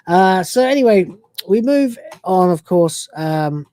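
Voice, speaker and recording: Man, podcast host, casual review chat, rambling, lots of fillers, mellow dark tone, dry close sound. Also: high-pitched, expressive, takes it slowly, smooth, no room sound. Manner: rambling with many fillers, acts out quoted lines.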